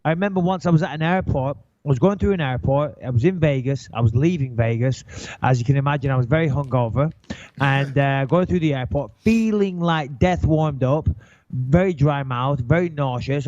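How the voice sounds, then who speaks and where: A man's voice: fairly high pitch, darkish tone, dry recording, lo-fi sound. A middle-aged man and podcast co-host telling stories in a rambling, profane, self-deprecating way. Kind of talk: casual storytelling chat.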